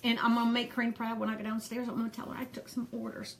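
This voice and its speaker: A woman's voice: a little high, little pitch movement, very fast, vocal fry, slight background noise. A woman voicing a harried, gossipy old granny who rambles in a folksy drawl while hosting a pearl party. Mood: chatty. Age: older. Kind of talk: comedic character live stream.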